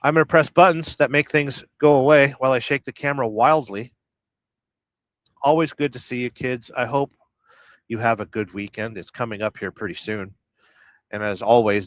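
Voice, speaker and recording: A man streaming live from his parked truck cab, chatting casually with deadpan, sarcastic jokes and plenty of swearing. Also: mid-range voice, normal speed, dry recording, lo-fi sound. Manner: profane, deadpan sarcastic joking. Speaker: trucker and livestream host. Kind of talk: casual livestream chat.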